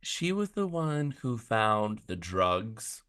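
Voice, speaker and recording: A man's voice: lowish voice, big pitch swings, slow pace, a bit bright, clear, resonant tone. A man chatting casually as a podcast guest, rambling with many "like" fillers. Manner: rambling, filler-heavy talk with lots of "like".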